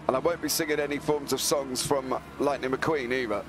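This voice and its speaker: A hoarse man co-commentating a live sim race, rambling into jokey comic tangents with a croaky voice. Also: mid-range voice, fairly even intonation, brisk, few pauses, background noise.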